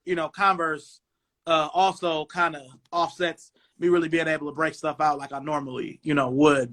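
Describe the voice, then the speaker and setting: A man in his forties from Cleveland hosting a casual sneaker talk show over a video call, relaxed and rambling. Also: a little high. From Cleveland, USA. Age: 40s. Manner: relaxed, rambling, lots of "um" and "you know". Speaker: podcast host. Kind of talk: casual chat. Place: home dining room.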